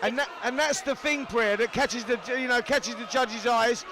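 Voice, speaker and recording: A man's voice: very high-pitched, moderate pace. A man with a Cockney accent calling a boxing fight live from ringside, chatty and matey. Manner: chatty, matey, repeats himself. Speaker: boxing commentator. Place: boxing arena.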